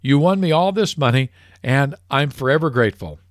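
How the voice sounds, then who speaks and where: A man voicing an excited golfer in a told joke, raising his voice high for the character. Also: brisk, no echo, studio quality, close to an everyday voice.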